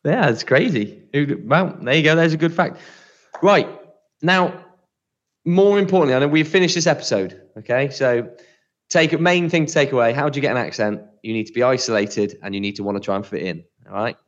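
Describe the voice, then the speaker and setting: A man's voice: medium pitch, fairly quick. A man co-hosting a casual podcast, chatty and teasing, trying out impressions. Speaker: podcast co-host. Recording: slightly dull lo-fi sound.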